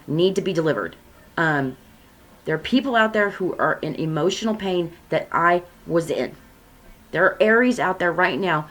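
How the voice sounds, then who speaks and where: Chatty self-mocking woman tarot reader. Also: medium pitch. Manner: chatty and self-mocking, swings between loud and soft. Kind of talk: casual spiritual reading chat.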